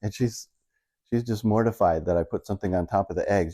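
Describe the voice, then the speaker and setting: A man's voice: lowish voice, brisk, mellow. A middle-aged man doing casual stand-up storytelling, rambling and self-mocking as he retells everyday married life. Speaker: stand-up comedian.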